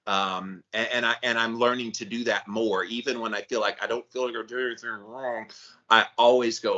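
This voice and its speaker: Bright-voiced man co-hosting a podcast. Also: lowish voice, normal speed, muffled recording. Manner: animated, acts out quotes in voices. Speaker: podcast co-host. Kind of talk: casual podcast chat.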